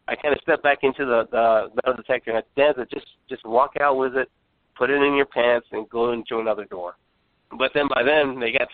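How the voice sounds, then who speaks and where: A man's voice: mid-range voice, dry recording. A man hosting a podcast, chatting casually while ranting, rambling and swearing constantly. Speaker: podcast host. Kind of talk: profane casual chat. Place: San Antonio. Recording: phone-line call-in sound.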